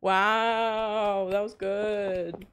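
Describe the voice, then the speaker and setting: Woman streamer, playful and goofy, unhurried delivery, narrating her gameplay live. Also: mid-range voice, little pitch movement, slight background noise. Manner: playful, goofy running commentary. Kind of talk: playing a game live and reading dialogue.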